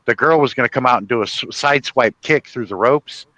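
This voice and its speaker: Animated man spinning funny stories. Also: mid-range voice, brisk, no room sound, poor audio. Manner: animated, laughs at his own stories; chatty, with many restarts and "you know". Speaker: guest telling stories. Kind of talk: casual storytelling chat.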